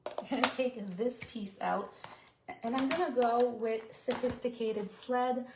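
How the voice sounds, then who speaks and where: A woman's voice: on the high side, a little slow, roomy sound, noisy background. A woman leading a live card-making tutorial, chatting and explaining each step while reading viewer comments.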